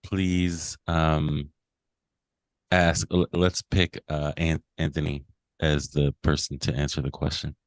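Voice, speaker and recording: A man's voice: a bass voice, flat delivery, takes it slowly, smooth, dry recording. A man hosting a casual live stream, steadily moderating the conversation and keeping the guests in line. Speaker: show host.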